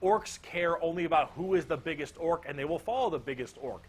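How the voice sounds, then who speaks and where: A man's voice: fairly high pitch, expressive, fairly quick, breathy edge. A man narrating a casual comedic explainer with lots of energy, joking and swearing freely.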